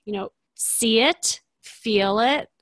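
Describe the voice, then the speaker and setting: A woman's voice: a little high, slow, no room sound. A young adult woman coaching a client on a podcast, upbeat and encouraging, with many fillers.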